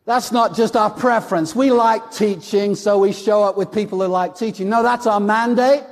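A male pastor delivers a sermon in a high, gravelly voice, driving his points home by repeating them. His words ring out with a long reverb from a church hall. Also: normal speed, few pauses. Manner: emphatic, repeats words for stress. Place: church sanctuary.

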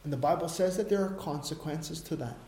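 A man preaching a sermon in a conversational way, swinging between quiet asides and loud, emphatic stresses. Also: fairly high pitch, fairly quick. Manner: conversational, tells personal anecdotes. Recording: roomy echo.

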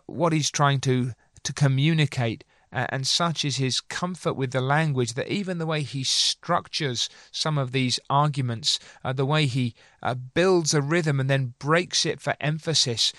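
A man giving an earnest sermon, reading old sermon passages aloud and commenting on them, slowing down to press his points. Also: a little high, a bit bright, dry recording, clean studio sound. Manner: earnest, slows for emphasis, pleading. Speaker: preacher.

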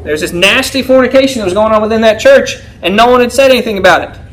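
A man's voice: high-pitched, fast, a bit bright, slight background noise, poor audio. A man preaching a sermon to a congregation in a conversational style, often checking in with them by asking "right?". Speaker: pastor.

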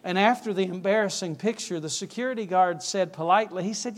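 A man's voice: high voice, brisk, few pauses. A male preacher telling an anecdote in a sermon, correcting himself mid-story.

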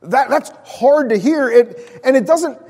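A man preaching a sermon in a conversational way, dropping to a hushed voice on key words. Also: extremely high pitch, animated, a little slow, husky, long reverb tail. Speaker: pastor.

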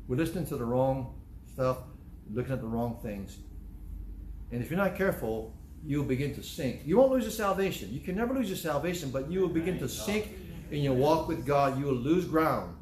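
A man's voice: medium pitch, animated, a little fast, darkish tone. A male pastor preaching a sermon, repeating phrases for emphasis and acting out quoted voices. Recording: echoey room, faint ambience.

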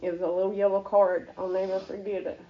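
A woman's voice: medium pitch, level tone. Earnest woman giving a lo-fi faith testimony. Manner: earnest, halting, emotional. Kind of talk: personal testimony.

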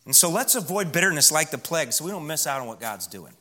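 A pastor preaches a sermon in a church, speaking emphatically and slowing down, dropping to a hush on key words. His voice is on the high side and sing-song.

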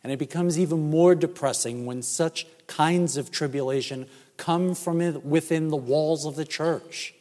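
A man preaching a sermon as pastor, emphatic and measured, with rhetorical questions. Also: a little high, a little mellow. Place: church sanctuary. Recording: church hall reverb.

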